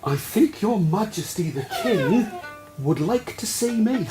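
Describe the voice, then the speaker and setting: A male storyteller voicing a calm, polite talking horse who speaks quietly and in a measured way, with loud fiddle music behind. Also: sits high, poor audio.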